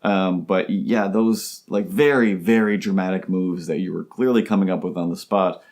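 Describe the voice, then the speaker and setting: A man's voice: low voice, steady tone, moderate pace, a little mellow. A man hosting a comedy podcast alone, talking in a rambling, goofy way that keeps interrupting itself. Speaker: host. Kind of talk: comedic solo podcast monologue.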